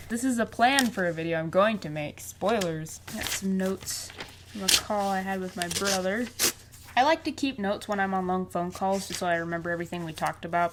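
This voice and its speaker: A woman's voice: medium pitch, a little hiss or hum. Chatty, playful young woman vlogger. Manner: chatty and playful, quick asides. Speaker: vlogger and artist. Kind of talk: casual chat.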